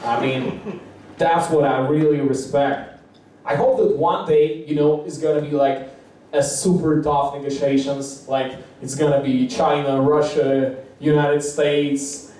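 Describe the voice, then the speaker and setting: A man doing open-mic stand-up comedy, rambling and profane, acting out quotes in high squeaky voices, in a language not his own. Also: mellow, a little hiss or hum. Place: small comedy bar. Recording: echoey room from far off.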